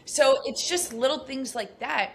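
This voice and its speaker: Animated New woman telling stories. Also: high-pitched, a little slow, creaky, a little hiss or hum. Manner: animated, acts out quoted speech, frequent fillers. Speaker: podcast guest, abuse recovery coach. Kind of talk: casual storytelling interview.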